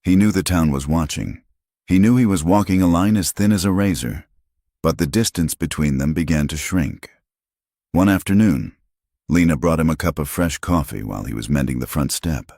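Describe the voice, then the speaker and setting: A man with an extremely low, deep voice reads a frontier story as a scripted audiobook, steady and measured. The sound is dry and close, with no room echo at all.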